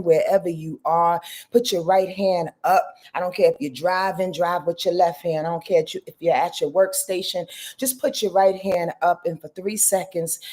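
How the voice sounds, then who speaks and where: A woman hosting a casual astrology livestream, greeting viewers by name in a lively, playful and heartfelt spiritual way, on a webcam mic. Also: medium pitch.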